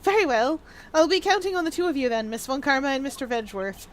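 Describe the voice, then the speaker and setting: A woman doing a suave low-voiced male ambassador. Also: fairly even intonation, normal speed, a little hiss or hum, lightly acted. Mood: ingratiating. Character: fussy middle-aged male ambassador, smooth and polite.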